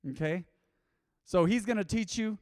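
A man preaching a sermon in a church, animated and emphatic, acting out quotes. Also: high voice, normal speed, no room sound, studio quality, in a large hall. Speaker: pastor.

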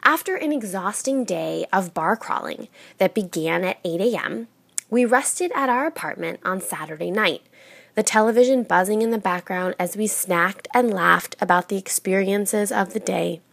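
A woman narrating a personal story aloud in a steady storytelling read. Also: mid-range voice, normal speed, creaky, dry recording.

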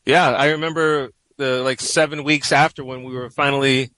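A man's voice: mid-range voice, steady tone, moderate pace, sharp tone, dry recording, rough recording. A man in his forties from New York, a guest columnist telling a personal story in a radio interview, reflective and rambling with many "you know"s.

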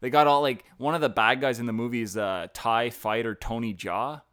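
A man's voice: mid-range voice, a little fast. A man co-hosting a casual podcast, talking animatedly about favorite movie moments and peppering his speech with "like". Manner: chatty, heavy use of "like", animated. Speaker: podcast co-host.

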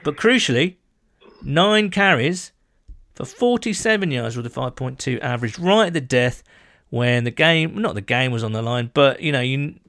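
A man's voice: mid-range voice, expressive, normal speed, fairly bright tone, no echo. A man co-hosting a casual sports podcast, chatty and enthusiastic with self-deprecating asides. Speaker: podcast co-host.

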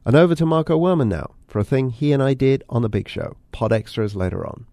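A man's voice: mid-range voice, lively intonation, quick pace, dark tone, no room sound, studio quality. Wry British man hosting a podcast. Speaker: podcast host and language editor. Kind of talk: radio feature narration. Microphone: studio mic.

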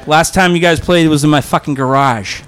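A man's voice: fairly high pitch, fairly quick, fairly bright tone. A man hosting a podcast in casual chat, crude and joking, swearing a lot. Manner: crude, joking, heavy swearing, frequent laughs. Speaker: podcast host.

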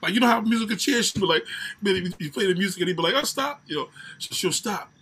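Male co-host, husky and bright, animated storyteller with frequent laughs. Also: sits high, fast talker. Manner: animated, laughing often, acts out quotes. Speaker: podcast co-host. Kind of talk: casual chat.

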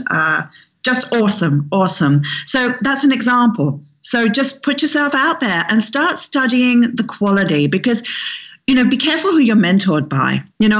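An energetic woman speaks as a hairstylist guest, telling anecdotes in a mid-range voice. She leans on key words and repeats them for stress. The audio is slightly muffled and lo-fi. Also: medium pitch. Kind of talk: anecdotal interview storytelling.

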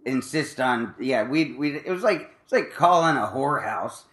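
A man's voice: mid-range voice, lively intonation, normal speed, a bit bright. Rambling, self-mocking man in an echoey room. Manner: rambling, self-mocking, lots of fillers and laughs. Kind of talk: casual chat.

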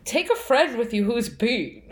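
A woman's voice: on the high side, unhurried, echoey room, slight background noise. A woman co-hosting a podcast, telling stories in casual chat and laughing often. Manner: chatty, laughs often, animated storytelling. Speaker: podcast co-host.

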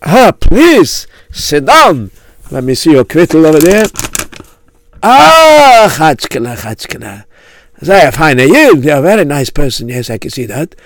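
Brief: gentle old rebbe with a Yiddish accent, unhurried and lilting, played by a man. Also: a little high, big pitch swings, no room sound, heavily acted. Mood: kindly. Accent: Yiddish-inflected English. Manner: slow, soothing, fatherly. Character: old Hasidic shamash and rebbe, kindly.

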